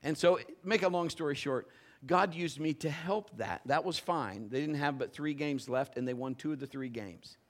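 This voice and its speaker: A middle-aged man, a pastor, preaching a conversational sermon and telling stories in an animated way. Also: on the high side, normal speed. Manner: animated, conversational, acts out quoted voices. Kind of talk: storytelling sermon.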